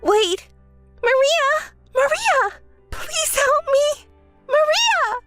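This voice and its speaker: A woman's voice: extremely high pitch, expressive, normal speed, a bit bright, no room sound, faint music behind, voice pushed up. A woman voicing a whiny younger woman who begs and complains in a dramatized texting story. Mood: desperate. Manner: desperate and begging.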